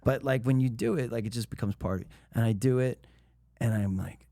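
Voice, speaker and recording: A man's voice: medium pitch, brisk, no room sound. A middle-aged man who is an actor, telling stories in a casual interview, acting out quotes and laughing often. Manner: animated storyteller, laughs often, acts out quotes. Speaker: actor guest.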